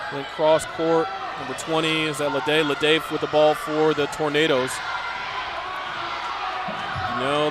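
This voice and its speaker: A man calling a high school basketball game play by play, with excited calls and chatty asides. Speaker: play-by-play announcer. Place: school gym broadcast booth. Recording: noisy gym ambience behind.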